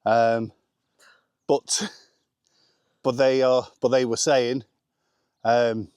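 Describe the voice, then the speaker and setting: A man's voice: mid-range voice, level tone, a little mellow, clear, resonant tone, dry recording, studio quality. Joking English man on a home vlog. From England. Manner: joking, teasing, quick interjections. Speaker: vlogger. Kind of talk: casual chat.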